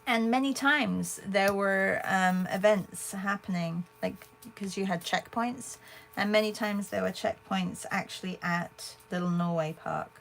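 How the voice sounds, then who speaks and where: A woman's voice: mid-range voice, a little slow, creaky, fairly bright tone, a little hiss or hum. A woman hosting an art livestream, chatting casually and answering viewers as she paints. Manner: chatty, thinks aloud and answers viewers' comments.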